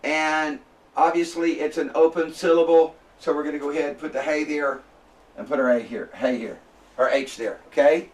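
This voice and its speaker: A man lecturing a classroom, slowly spelling out sounds and checking in with his students. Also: on the high side, fairly even intonation, distant mic.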